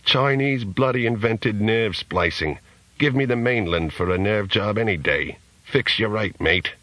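A man voicing a loud, drunken Australian barfly with an Australian accent in an audiobook. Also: on the low side, measured pace, no room sound. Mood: drunken bellow. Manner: bellowing.

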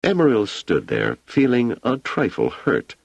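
A man narrating an audiobook with an expressive, dramatic reading. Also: medium pitch, measured pace, gravelly, slightly rough, no echo.

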